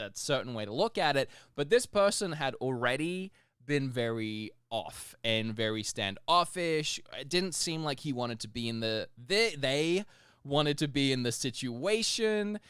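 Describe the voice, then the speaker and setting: A man's voice: medium pitch, expressive, a little slow, a bit bright, smooth, dry recording, studio quality. A man co-hosting a podcast, telling stories animatedly and laughing often. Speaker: podcast co-host. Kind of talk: casual chat.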